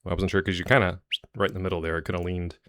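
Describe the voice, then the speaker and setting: Deep-voiced chatty male streamer. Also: level tone, very fast, a bit bright, dry recording. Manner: chatty, jokey, rambling asides to chat. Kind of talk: live stream chat with viewers.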